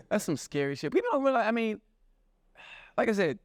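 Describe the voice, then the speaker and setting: A man's voice: high voice, very animated, brisk, no echo. A man co-hosting a podcast, telling profane comedic stories full of put-on voices. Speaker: podcast co-host. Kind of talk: casual comedic chat.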